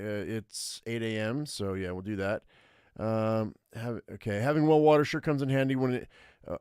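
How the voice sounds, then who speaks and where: Male streamer, mid pitch, smooth clear voice, dry close sound, reads a game aloud hesitantly. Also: a little mellow, no room sound. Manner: thinking aloud, hesitant, with frequent fillers. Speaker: streamer playing an interactive fiction game. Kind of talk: live gameplay commentary and reading aloud.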